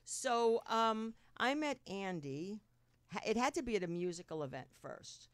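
A woman's voice: mid-range voice, big pitch swings, a little slow, clean tone, no echo. A woman from New Jersey with a Jersey accent, hosting a podcast in casual, rambling chat and laughing often. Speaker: podcast host. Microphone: studio mic.

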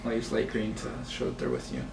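A man running a tabletop game as game master, often pausing with fillers. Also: fairly low pitch, creaky. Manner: halting, many fillers. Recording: echoey room, far mic, noisy.

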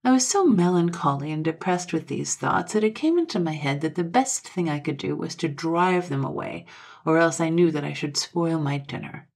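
A woman with a low, husky voice reads an old Victorian ghost story aloud. Her telling is measured and steady, lifting gently to stress a phrase now and then. The voice stays breathy and deep throughout. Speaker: audiobook narrator.

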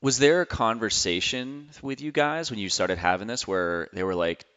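A man's voice: fairly low pitch, expressive, normal speed, fairly bright tone, clear, resonant tone, dull audio. A man hosting a casual podcast interview, asking long, rambling questions. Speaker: podcast host.

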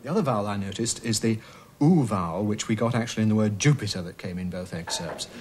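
Measured male expert demonstrating vowels. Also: fairly low pitch, darkish tone, slight background noise. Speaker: expert on British accents. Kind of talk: explanatory interview talk.

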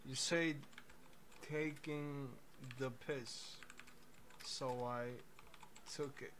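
A man's voice: mid-range voice, fairly even intonation, very slow, a bit bright, a little hiss or hum. A man streaming live, chatting casually in a laid-back, mumbling way.

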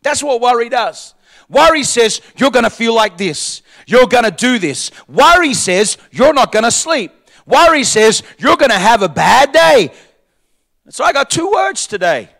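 High-voiced pastor preaching emphatically. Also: male voice, big pitch swings, unhurried, creaky. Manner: emphatic, repetitive preaching that swings between shouted lines and quiet asides. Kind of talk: sermon. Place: church.

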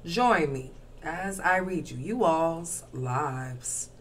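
A woman's voice: low-pitched, lively intonation, drawn-out words, slight background noise. A woman giving a casual tarot reading to camera, brash, profane and slangy, rattling off rhythmic lists and smoking while she talks. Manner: smoking and crunching ice while talking. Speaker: tarot reader.

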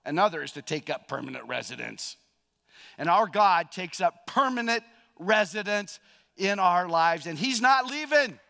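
A male pastor preaching a sermon in a church, swinging from loud emphatic peaks to hushed, personal storytelling. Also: sits high, moderate pace, creaky. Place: church sanctuary. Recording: long reverb of a large hall.

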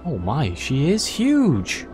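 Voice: medium pitch, wildly swooping pitch, slow, a little mellow, faint music behind. A let's play host chatting casually while playing and reading the game's story text aloud. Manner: chatty, musing, reads narration aloud.

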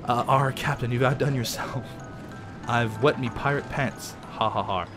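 A man's voice: mid-range voice, a little slow, music in the background, lightly acted. A man voicing a crew of ghostly male pirates with a growling, hammy drawl full of "arr". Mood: mocking. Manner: hammy, playful over-acting.

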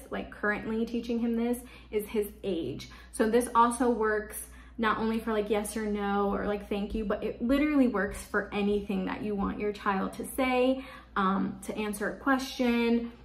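A woman giving parenting tips to the camera in casual, chatty speech, often filling with "like". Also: medium pitch. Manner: chatty, leans on "like" as a filler. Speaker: parenting vlogger. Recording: echoey room.

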